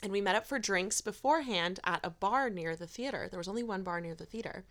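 A woman's voice: mid-range voice, fast. A young adult woman co-hosting a casual podcast, enthusiastic and gushing, and she laughs easily. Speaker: podcast co-host. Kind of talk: casual chat.

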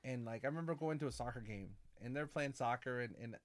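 Speaking quickly at a medium pitch, a priest in his forties spins animated stories in casual talk. He performs the quoted lines himself and tosses around "man" and "baby" when addressing people.

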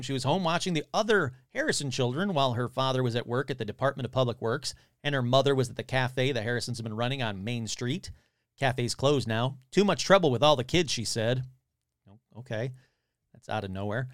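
A man's voice: medium pitch, expressive, a little fast, a bit bright, no room sound, clean studio sound. A man hosting a podcast, casually reading a newspaper article aloud and breaking off with wry, grumbling asides. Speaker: podcast host.

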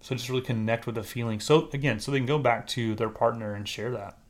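A man's voice: medium pitch, fairly even intonation, fast talker. A man co-hosting a podcast as a marriage counselor, talking earnestly and explaining things with frequent "right?" checks. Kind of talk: casual podcast chat.

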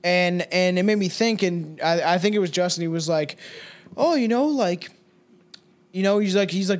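High-voiced profane man. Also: moderate pace. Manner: profane, rambling storytelling. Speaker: podcast co-host. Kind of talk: casual podcast chat.

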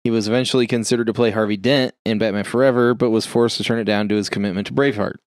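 A man's voice: lowish voice, fairly even intonation, very fast, no room sound. Podcast co-host, male, casual trivia reader, salty language, dry sound. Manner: reads trivia aloud, swears and laughs often. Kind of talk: casual chat.

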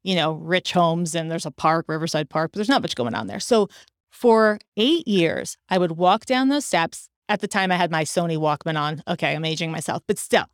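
A middle-aged woman hosting a podcast, telling personal stories in casual chat with animated delivery. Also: lowish voice, moderate pace, no echo, studio quality. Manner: animated, acts out quoted dialogue. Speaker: podcast host.

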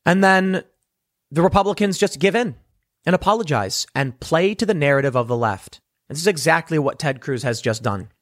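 A man's voice: a little high, brisk, a bit bright, dry recording, clean studio sound. A young adult man delivering a blunt, sarcastic solo commentary segment, scornful and ranting. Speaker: political commentator.

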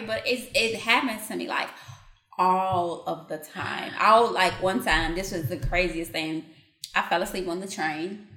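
A woman's voice: medium pitch, a little slow, bright, forceful tone. A woman co-hosting a casual podcast chat, reflective and telling stories, with frequent restarts. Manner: reflective, storytelling, hesitant restarts. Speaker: podcast co-host. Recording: echoey room.

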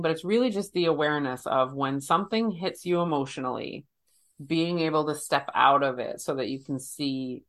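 Low-pitched female counselor, relaxed conversational talk, rambling phrasing. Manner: searching, loose phrasing with many fillers. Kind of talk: casual conversation.

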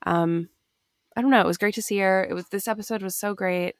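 A woman's voice: medium pitch, fairly even intonation, fairly quick, dry recording, studio quality. A woman co-hosting a podcast in casual chat, enthusiastic and playfully teasing. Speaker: podcast co-host.

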